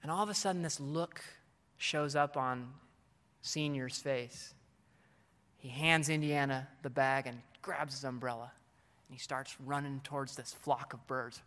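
A man's voice: mid-range voice, a little slow, fairly bright tone. A man giving a conference talk to fellow teachers, earnest and coaching in tone, with frequent ums and restarts. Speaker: teacher speaking to fellow educators. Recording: long hall reverb.

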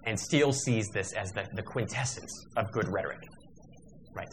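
Lecturing man with a lower voice. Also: moderate pace, fairly bright tone, slight background noise. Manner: discursive, digressive, with fillers and self-corrections. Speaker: workshop lecturer.

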